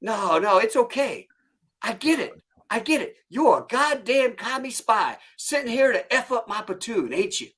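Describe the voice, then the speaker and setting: A man putting on a gruff, sarcastic Marine drill instructor who barks and mocks his recruits. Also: extremely high pitch, sing-song, moderate pace, voice pushed up, exaggerated voice. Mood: mocking. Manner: barking, mocking, shouted orders.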